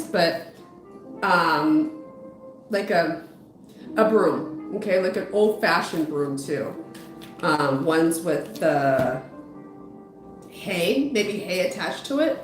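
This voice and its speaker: This lowish-voiced woman, a psychotherapist and spiritual medium, gives tarot readings on a livestream and talks casually with her viewers, saying hello and frequently losing her thread before restarting. A dog can be heard outside her home. The audio is roomy, with music playing behind her.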